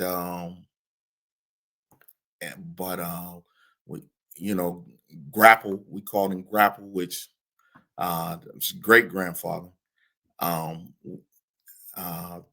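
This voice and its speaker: A man in his forties talking casually as a podcast guest, halting, with many fillers and restarts, often trailing off into a soft mumble. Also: deep voice. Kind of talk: casual interview talk.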